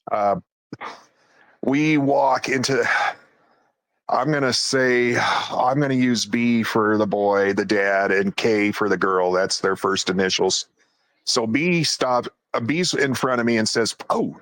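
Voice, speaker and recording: A man with a lowish voice, recorded without echo, tells a casual story as a guest about a night in the woods. It's an animated retelling in which he slips into and acts out quoted voices.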